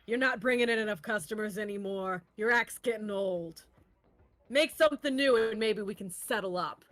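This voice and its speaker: A woman voicing a sleazy male club boss who talks down to his worker in a brusque, fast manner. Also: mid-range voice, fairly bright tone, close to an everyday voice. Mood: dismissive.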